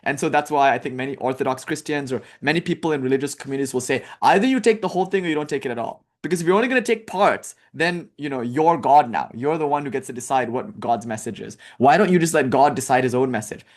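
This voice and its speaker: Brief: young male spiritual teacher, loose lecture style with jokes and tangents, mid-pitched. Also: quick pace, hardly any pauses. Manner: casual and animated, with tangents and jokes. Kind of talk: casual lecture on scripture.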